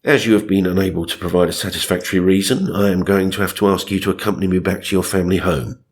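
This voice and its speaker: A man voicing a stiff, formal male village policeman in an officious, husky low voice. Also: quick pace, lightly acted.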